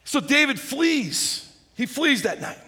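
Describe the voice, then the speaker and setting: A man preaching a sermon, retelling a story with lively humor and acting out its characters. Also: very high voice, slow pace. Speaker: pastor. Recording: hall reverb.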